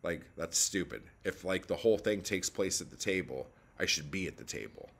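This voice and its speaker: A poet with a deep, gravelly yet fairly bright voice talks animatedly at a moderate pace in a casual vlog. His writing advice is blunt and profane, rambling and packed with fillers.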